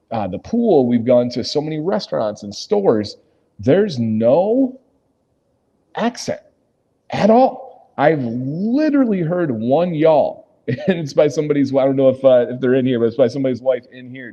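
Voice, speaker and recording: A man's voice: medium pitch, very animated, unhurried, warm tone, lo-fi sound. A man from Michigan hosting a casual livestream, answering viewer comments and laughing often, speaking from a hotel lobby. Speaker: livestream host reading chat.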